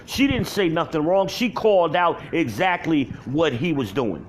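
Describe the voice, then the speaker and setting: A man delivering a heated, profane rant to camera, yelling at home by himself. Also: fairly high pitch, expressive, moderate pace, hardly any pauses, a little hiss or hum. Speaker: vlogger. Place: at home alone.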